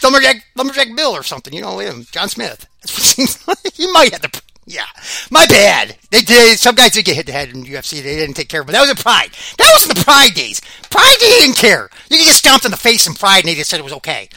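Brief: rambling male podcast host, quick and lively, very bright dry sound. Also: sits high, creaky, no room sound. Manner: rambling, excitable, laughs often. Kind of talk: casual rambling sports chat.

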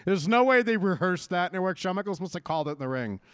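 Man, casual wrestling chat, ranting, swearing, lively swinging pitch, dry close sound. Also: quick pace, smooth, dry recording. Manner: animated ranting, swears freely. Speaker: podcast co-host.

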